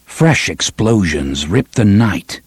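A man reading a gritty novel aloud in steady, measured audiobook narration. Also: fairly low pitch, slightly rough, no room sound. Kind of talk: scripted narration.

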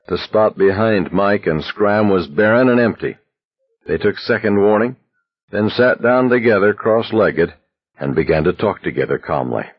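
A man narrating an audiobook in an expressive, dramatic reading style, in a slightly muffled recording. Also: low voice, breathy edge, dry recording. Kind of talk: scripted narration.

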